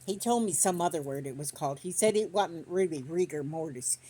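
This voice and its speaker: A woman's voice: low voice, lively intonation, fairly quick, dark tone, breathy edge. Folksy older woman chatting while sewing. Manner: folksy, rambling storyteller with country grammar. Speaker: quilting vlogger. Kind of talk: casual chat while sewing. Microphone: phone on a stand.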